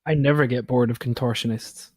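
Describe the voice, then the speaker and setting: A man's voice: mid-range voice, fairly even intonation, fairly quick, darkish tone. A man from Scotland, a podcast guest, curiously asking questions in casual chat. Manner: curious, asks lots of questions.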